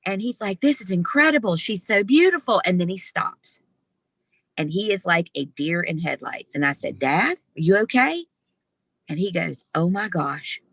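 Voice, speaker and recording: Female guest, lower pitch, bright and expressive, dry close sound, video call. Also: measured pace, vocal fry, slightly rough, no echo. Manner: animated, expressive storyteller. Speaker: interview guest. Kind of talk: storytelling in conversation.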